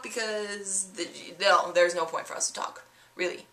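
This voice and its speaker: A woman telling comic stories to camera in an animated, sarcastic way, in a roomy-sounding space. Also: mid-range voice, moderate pace. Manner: animated, sarcastic, with acted-out voices. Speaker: vlogger. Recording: roomy echo.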